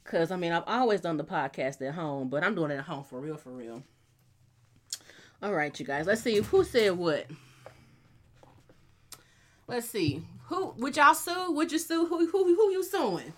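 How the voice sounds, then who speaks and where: Bright-voiced woman podcast host. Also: on the low side, a little slow, pauses often. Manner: lively, chatty, calls listeners honey and y'all. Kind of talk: casual podcast chat. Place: home studio.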